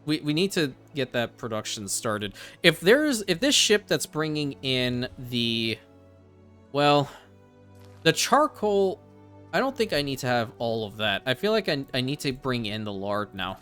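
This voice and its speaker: Bright-voiced man thinking aloud over gameplay. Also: medium pitch, very animated, measured pace, soft background music. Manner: thinks aloud, casual swearing. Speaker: let's play host. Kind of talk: casual gameplay commentary.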